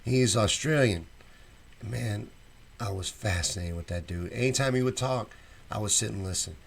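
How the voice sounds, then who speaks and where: Male host, chatty, reacts to chat comments, lowish voice. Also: moderate pace, gravelly. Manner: chatty, reads viewer comments aloud and reacts with opinions. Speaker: show host reading live chat. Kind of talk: casual live-stream chat.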